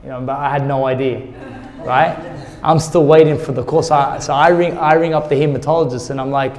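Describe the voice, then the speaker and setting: A man's voice: mid-range voice, fairly even intonation, a little fast, darkish tone, in a large hall. A middle-aged man, a guest in an interview, earnestly telling a personal story and repeating words when he gets emotional.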